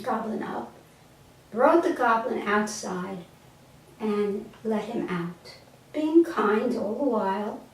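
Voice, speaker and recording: A woman telling a parable slowly and gently and then reflecting on its spiritual meaning, with a few small stumbles, recorded from a distance in an echoey room. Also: a little high. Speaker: storyteller and teacher. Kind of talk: slow storytelling and spiritual teaching. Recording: echoey room, mic far off.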